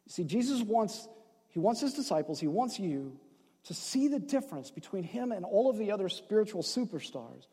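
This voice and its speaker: A man preaching in a church sanctuary with a high-pitched voice, his words trailing into a long hall reverb. He talks conversationally, tossing in asides and jokes, then drops to a hush and slows down for emphasis. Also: sing-song, husky. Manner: swings between loud emphasis and hushed, slowed phrases. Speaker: pastor. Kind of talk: sermon.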